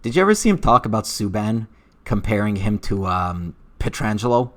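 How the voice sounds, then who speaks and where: A man's voice: lowish voice, very animated, moderate pace, fairly bright tone. Brief: man with an accent, casual livestream commentator, blunt and profane, lots of "uh"s. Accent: unidentified accent. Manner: blunt and profane, with frequent fillers. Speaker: streamer reading live chat.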